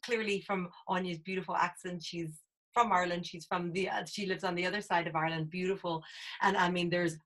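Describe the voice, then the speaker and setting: A woman's voice: lowish voice, steady tone, a little fast, a bit bright. A woman hosting a group dowsing class over a video call, effusive and peppering her talk with "like". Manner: effusive, uses "like" often.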